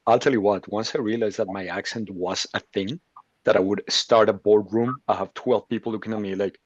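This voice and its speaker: An enthusiastic man with a lowish voice speaks on a panel, stumbling over his restarts as he jumps in. His audio is dull and lo-fi, and dry. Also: steady tone, a little fast, dry recording. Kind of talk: panel discussion.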